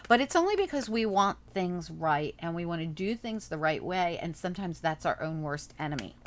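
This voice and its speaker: A woman's voice: fairly low pitch, animated, normal speed. A woman doing a casual tarot reading, chatting and thinking aloud as she turns the cards over. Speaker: tarot reader.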